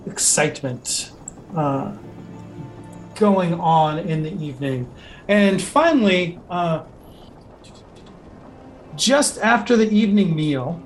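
A man running a tabletop game as game master, narrating in a rambling way with many fillers. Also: high voice.

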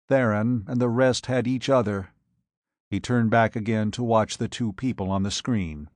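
A man reading a pulp adventure aloud as narrator, with a measured, dramatic delivery. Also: on the low side, no room sound, clean studio sound. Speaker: audiobook narrator. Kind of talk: scripted narration.

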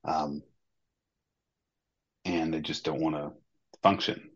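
A man speaks in a very deep, low voice, slow to find his words and leaning on fillers. The sound is dull and muffled, like a lo-fi remote recording. He talks casually as a podcast co-host. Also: level tone, a bit bright. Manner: hesitant, many pauses and fillers. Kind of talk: casual personal talk.

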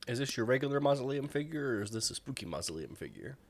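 A man's voice: medium pitch, sing-song, fast. A man joking dryly while playing a tabletop horror game. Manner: dry, joking. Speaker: player. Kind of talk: casual tabletop game banter.

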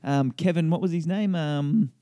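An easygoing man co-hosts a casual podcast, often pausing and restarting his thoughts. His voice is warm and mellow, and the recording is dry. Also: fairly high pitch, dry recording. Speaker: podcast co-host. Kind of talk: casual chat.

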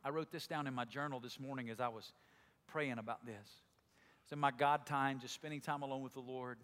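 A man from Alabama with a Southern drawl, preaching a sermon as pastor, moving between loud exclaiming and slow, quiet emphasis. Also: mid-range voice, steady tone, long reverb tail. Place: church sanctuary.

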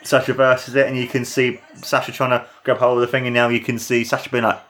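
A young man in the mid-range speaks fast, giving an excited watch-along commentary and review of a wrestling match. He gushes enthusiastically and uses lots of fillers.

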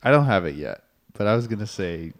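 A man's voice: on the low side, sing-song, fairly quick, no echo. A man co-hosting a podcast, chatting playfully and laughing with friends. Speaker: podcast co-host. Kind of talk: casual chat.

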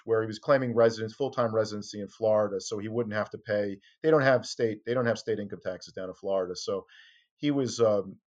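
A man in conversation, recounting a story with lively energy and throwing his voice up high whenever he quotes someone. His audio sounds a bit dull and lo-fi, like a remote call. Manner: animated, acts out quotes with sharp jumps in pitch. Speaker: interview guest, former tabloid reporter.

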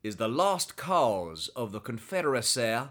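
Brief: a sarcastic, animated male podcast host who swings his pitch widely. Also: unhurried. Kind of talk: casual podcast chat.

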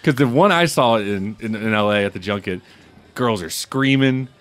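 A man's voice: lowish voice, moderate pace. A man hosting a casual podcast who reviews films and tells stories in a loose, profane way. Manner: animated, profane storytelling. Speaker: podcast host and film reviewer. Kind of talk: casual chat.

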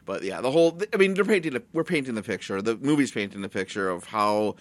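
Joking man with a lively voice. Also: lowish voice, quick pace. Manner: crude joking with sudden put-on voices. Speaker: podcast co-host. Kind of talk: casual movie-review chat.

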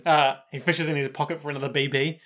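A young man in casual chat, recapping an anime episode, animated, laughing often and acting out the characters' lines. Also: on the high side, fast.

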